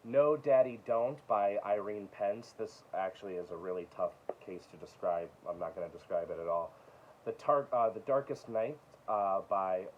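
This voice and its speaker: A man with a low voice runs through his latest book haul in a relaxed, chatty way, reading off titles and tossing in quick asides. The sound is dull and lo-fi, with a faint hiss underneath. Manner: reads titles aloud with quick asides, chuckles. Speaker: book collector vlogger. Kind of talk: casual show-and-tell of books.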